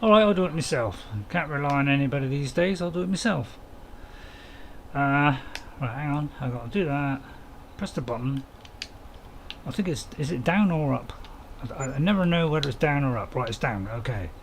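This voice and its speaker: A man's voice: a little high, expressive, moderate pace, slight background noise. A man, casually commenting on a farming game while streaming and chatting to viewers in a rambling, self-mocking way.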